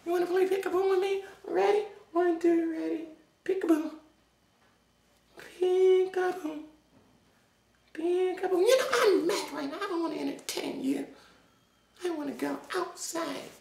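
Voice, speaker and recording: A woman's voice: very high-pitched, steady tone, normal speed, gravelly, a little mellow. A woman acting as a restless little kid stuck indoors, chattering in a childish sing-song and whining. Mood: playful. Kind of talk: comedic character vlog. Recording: echoey room, distant mic, faint noise.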